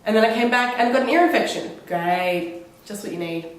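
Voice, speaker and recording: A woman's voice: fairly high pitch, brisk. A young woman vlogging at home while sick with a cold, coughing now and then, talking in a sarcastic, dramatic, rambling way. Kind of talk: casual vlog monologue. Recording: very echoey room, mic far off.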